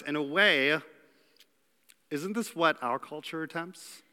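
A man's voice: mid-range voice, sharp tone, smooth. A man preaching a sermon as pastor, in an earnest, plain-spoken way with some fillers. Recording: long hall reverb.

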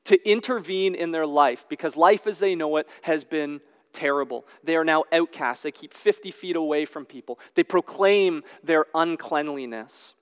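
A man delivering an expository sermon, with casual asides between the passages he reads. His voice sits a little high for a man and comes across smooth and resonant. A long reverb hangs behind each phrase, as in a large hall. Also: normal speed, hardly any pauses. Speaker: pastor.

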